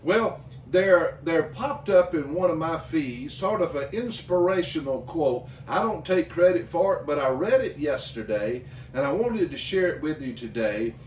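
Slow-speaking pastor in an echoey church. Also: male voice, a little high, expressive, muffled recording, slight background noise. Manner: slow, halting, with many fillers. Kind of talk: sermon and communion service. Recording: echoey room, mic at a distance.

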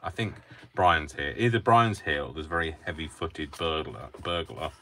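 A man's voice: rumbling low, moderate pace, noisy background. A man hosting a live crafting tutorial from his home craft room, chatting in a wry, joking way. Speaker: crafting host.

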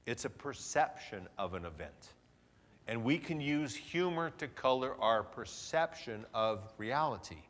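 A man's voice: medium pitch, lively intonation, measured pace, a bit bright. A man giving a motivational seminar talk in a large hotel hall, playful and theatrical. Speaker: seminar speaker. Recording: reverberant hall.

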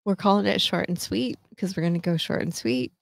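A woman's voice: lowish voice, expressive, fairly quick, creaky, a little hiss or hum. A woman in her fifties hosting a casual solo podcast chat, talking in a chatty, self-mocking way with lots of fillers. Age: 50s. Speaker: podcast host.

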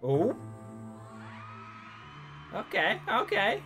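A man's voice: high voice, huge pitch swings, very slow, over music. A young man hosting a reaction video, talking casually and breaking into hyped exclamations. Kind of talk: excited reaction commentary.

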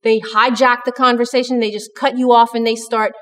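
Woman, church speaker, high voice, long hall reverb, earnest conversational devotional talk. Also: level tone, fairly quick, fairly bright tone. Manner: conversational and earnest, with many restarts.

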